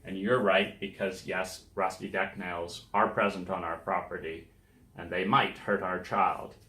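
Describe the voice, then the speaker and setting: A podcast host delivers a reflective self-help monologue, working through examples in a conversational, emphatic way and acting out the people he quotes. His voice is low, bright and forceful, with a steady tone and measured pace, recorded in an echoey room.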